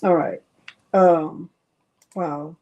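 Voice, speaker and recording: A woman's voice: fairly low pitch, fairly even intonation, very slow, warm tone. A middle-aged woman hosting a live crafting stream, talking straight to her viewers, emotional and close to tears. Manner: emotional, teary, talks straight to viewers with "y'all". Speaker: craft channel host.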